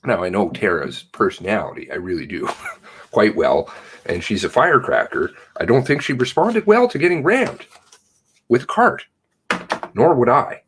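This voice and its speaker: A man's voice: fairly low pitch, big pitch swings, normal speed, fairly bright tone, a little hiss or hum. A man hosting a casual commentary livestream, greeting viewers from the chat by name and ranting with indignation. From Canada. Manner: indignant ranting, reads chat names aloud. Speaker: livestream host.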